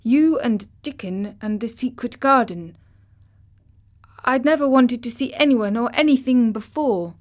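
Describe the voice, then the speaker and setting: A woman's voice: on the high side, unhurried, pitched above the performer's own voice, close to an everyday voice. Young boy, earnest and proper, raised voice, played by a woman reader. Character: eager young boy, once sickly, earnest.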